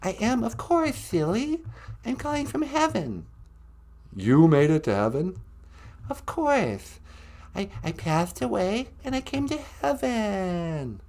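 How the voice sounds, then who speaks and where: A man doing a high, breathy impression of a male pop star who calls in from heaven, talking slowly with little giggles. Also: sing-song, a little mellow, full character voice. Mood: cheerful.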